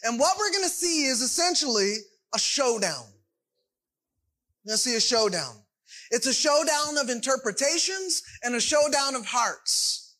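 A man's voice: very high-pitched, pushed and bright, rough recording. A man preaching a sermon in a conversational way, often checking in with his congregation. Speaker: pastor.

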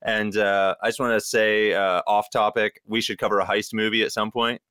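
A man's voice: on the low side, flat delivery, normal speed, bright, forceful tone, clear, resonant tone, no echo, clean studio sound. A man co-hosting a podcast, chatting casually and rambling with lots of fillers. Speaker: podcast co-host.

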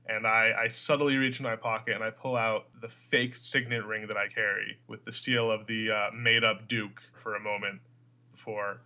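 A man's voice: on the low side, flat delivery, normal speed, pushed and bright. A man playing a tabletop game, describing his character's actions in a matter-of-fact way. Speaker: player. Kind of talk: casual tabletop role-play.

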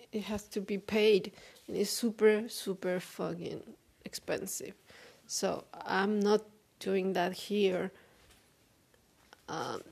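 A woman speaking English as a second language in a personal confessional vlog. She sounds weary and frank, talks haltingly, and swears often. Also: mid-range voice, creaky, darkish tone, husky. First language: not English. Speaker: vlogger.

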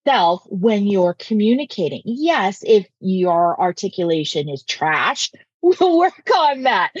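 Husky woman coach hosting a podcast, emphatic, dull dry audio. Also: mid-range voice, no room sound. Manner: lively, emphatic, animated. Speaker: communication coach and podcast host. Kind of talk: casual interview chat.

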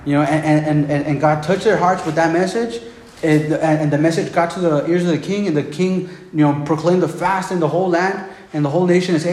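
Brief: laid-back male preacher, slightly high voice, restarts and filler, echoey room. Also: fairly even intonation, fairly quick, darkish tone. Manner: casual, repetitive, says "man" a lot. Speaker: pastor. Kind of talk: sermon teaching from Bible. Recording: roomy room, faint background noise.

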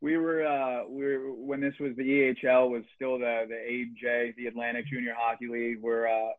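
A man's voice: mid-range voice, little pitch movement, normal speed, dry recording, narrow, tinny audio. A young man, a guest on a casual podcast, telling a long, rambling, profane story about junior hockey.

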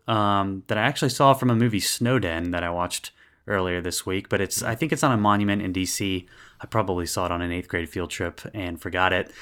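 A man's voice: on the low side, fairly bright tone, clear, resonant tone. A man hosting a podcast about faith and film, talking in an earnest, thoughtful way. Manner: earnest, thoughtful, reads quotes aloud. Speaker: podcast host. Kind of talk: casual podcast discussion.

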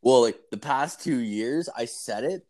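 A man's voice: mid-range voice, expressive, unhurried, background noise. A man in his thirties, a podcast co-host telling a profane, rambling story in casual chat.

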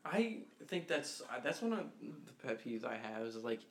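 A man's voice: medium pitch, big pitch swings, moderate pace. A young man in casual chat, answering with short reactions and dry quips.

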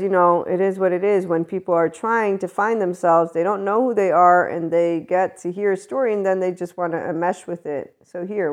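A woman hosting a solo podcast, talking casually and bluntly, laughing often as she goes. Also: fairly low pitch. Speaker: podcast host.

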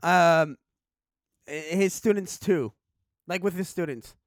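Recorded in a clean studio with no echo, a man with a high-pitched voice hosts a casual chat and takes it slowly. He rambles with many fillers and restarts, acting out characters as he retells events.

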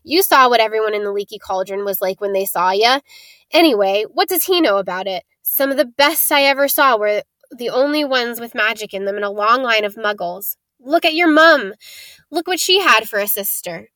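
A woman voicing a big gruff kindly gamekeeper in a read-aloud storybook, talking in a blunt, homely, chatty way. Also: on the high side, animated, moderate pace, pushed and bright, no echo.

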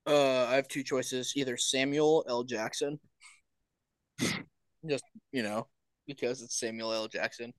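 A young man chatting on a podcast in an easygoing, laid-back way, dropping dry jokes. His voice sits at a middle pitch and is recorded close and dry. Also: fairly even intonation, a little slow, long pauses, no echo. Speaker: podcast co-host. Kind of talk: casual chat.

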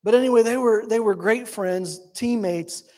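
Male pastor, high voice, storytelling sermon that rushes then slows to a hush. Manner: storytelling, swings from quick to slow and hushed.

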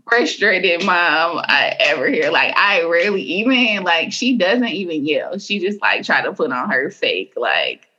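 A woman's voice: fairly low pitch, very animated, measured pace, few pauses, pushed and bright, husky, highs cut off. A woman co-hosting a podcast in casual chat, teasing and laughing as she talks. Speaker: podcast co-host.

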